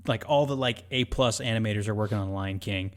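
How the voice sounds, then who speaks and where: A man's voice: fairly low pitch, quick pace. Chatty man riffing on a movie. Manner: animated storyteller, acts out quotes in silly voices. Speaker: podcast co-host. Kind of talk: casual chat.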